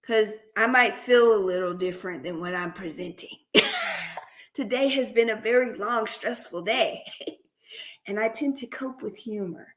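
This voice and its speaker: A woman's voice: medium pitch, normal speed. A woman hosting a counseling practice's livestream, chatting casually with viewers, laughing often and calling them by name.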